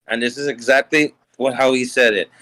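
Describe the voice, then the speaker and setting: A man's voice: medium pitch, fairly even intonation, fairly quick, sharp tone, low-quality recording. Male podcast guest, casual and joking, mid-range voice.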